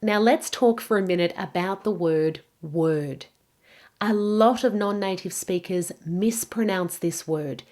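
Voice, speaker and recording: A woman teaching English pronunciation, saying each word slowly and carefully for learners to repeat. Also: medium pitch, a little mellow. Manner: slow, careful modelling of words. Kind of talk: pronunciation lesson.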